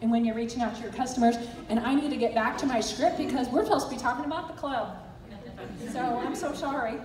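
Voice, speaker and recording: High-voiced woman speaking in an echoey hall. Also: a little mellow, far from the mic, slight background noise. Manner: earnest, encouraging storyteller. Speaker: direct sales team director. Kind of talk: motivational talk to an audience.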